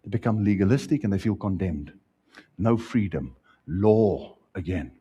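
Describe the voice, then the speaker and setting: South african pastor guy mid sermon, husky and kinda dark sounding, goes loud then drops soft. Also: on the low side, expressive, normal speed. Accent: South African English. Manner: preaching with wide swings, rising loud then dropping soft.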